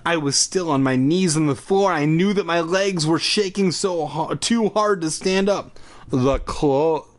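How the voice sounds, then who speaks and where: A man's voice: a little high, moderate pace. A man reading a children's horror book aloud for laughs, drinking as he goes and breaking off for profane, mocking asides. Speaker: reader. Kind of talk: comedic read-aloud of a kids' horror book.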